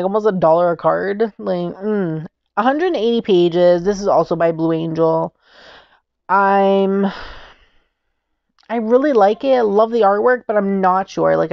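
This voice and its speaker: Canadian woman host, casual reviewer, chatty and exclamatory; lowish fry-heavy voice. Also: darkish tone, dry recording, lo-fi sound. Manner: chatty, exclamatory, stumbles over foreign names. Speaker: tarot channel host.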